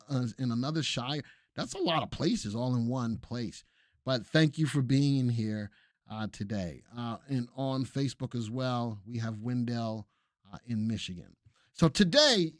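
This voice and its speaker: A man's voice: mid-range voice, no echo, clean studio sound. A man hosting a live stream about the stock market, who chats with viewers, greets them by name and cracks jokes.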